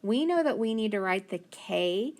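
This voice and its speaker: A woman gives a phonics lesson to young children, slowly and clearly sounding out letters and praising often. Her mid-range voice is animated and a little mellow.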